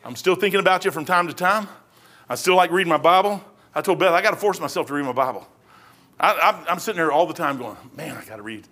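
A man's voice: high-pitched, fast talker, bright, forceful tone. A man preaching a sermon as pastor, in a folksy, conversational way full of slang and asides.

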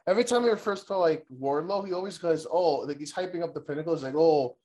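Rambling, excitable young man recapping wrestling. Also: on the high side, racing. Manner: rambling, profane, laughs often, mimics wrestlers. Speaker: podcast co-host. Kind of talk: casual wrestling recap chat.

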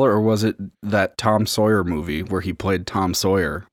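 Rambling low-voiced male co-host. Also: no echo, clean studio sound. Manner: rambling, halting, many fillers. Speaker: podcast co-host. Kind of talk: casual chat.

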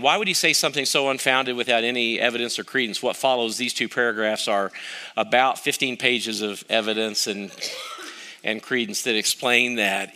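A man's voice: medium pitch, bright, forceful tone. A middle-aged male pastor preaching a sermon, telling a story on himself with wry, self-mocking humor.

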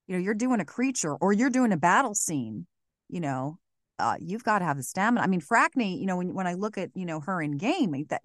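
A woman with a slightly low voice talks about her work in an interview. She sounds emphatic and animated, laughing often and restarting her sentences. The recording is dry and close. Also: no echo. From United States. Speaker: voice actress, guest. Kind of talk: casual interview chat.

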